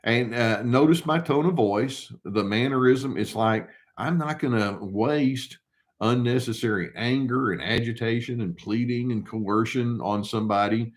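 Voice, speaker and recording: An older male therapist giving casual advice, calm and unhurried, who poses rhetorical questions and answers them himself. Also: mid-range voice. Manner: acts out short quoted replies in a mock tone.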